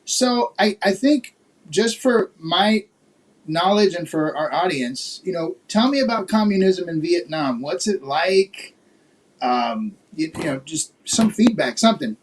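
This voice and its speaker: Male host from Florida, high voice, loose questioning style with many fillers. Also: expressive, a little slow, slight background noise. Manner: laughs often, asks questions with many fillers. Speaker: podcast host. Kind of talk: casual chat.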